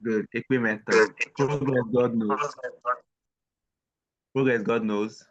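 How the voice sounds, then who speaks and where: A man teaching an online language lesson on a video call, patiently repeating words slowly for his learners. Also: medium pitch, steady tone. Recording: dull lo-fi call audio.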